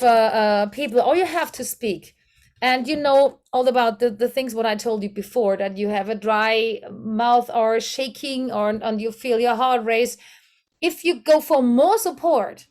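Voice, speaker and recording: Teaching a voice workshop, this voice coach speaks English with a German accent, sometimes searching for words and demonstrating exercises for the voice. Her pitch is on the high side, with a somewhat dark tone.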